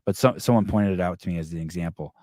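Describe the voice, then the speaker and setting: A podcast host with a low, darkish voice talks fast in a casual chat, reading live comments and ranting in a rambling, profane way full of restarts. The recording is dry, with clean studio sound.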